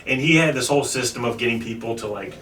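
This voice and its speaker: A man's voice: mid-range voice, fast talker, a bit bright. A man hosting a comedy podcast, casually telling a history story with lots of fillers. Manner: rambling, loose, with lots of likes and ums. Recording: echoey room, distant mic, faint noise.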